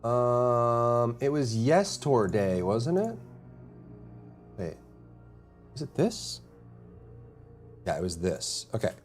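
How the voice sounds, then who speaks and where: A man's voice: medium pitch, sing-song, slow, long pauses, faint music behind. A man streaming live, chatting casually with his viewers, rambling and humming or muttering to himself between thoughts. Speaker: full-time streamer.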